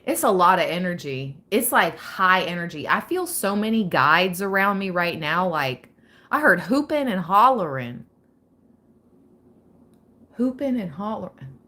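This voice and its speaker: A young woman reads tarot live on stream in an excitable, chatty way. She laughs often. Her tone is bright and forceful, and she speaks at an unhurried pace. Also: on the low side. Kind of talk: casual live-stream reading.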